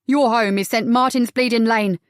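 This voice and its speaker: Woman voicing a bold, quick-talking young lady. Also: fairly high pitch, dry recording, clean studio sound, lightly acted. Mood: retorting. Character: bold, lively red-haired young woman.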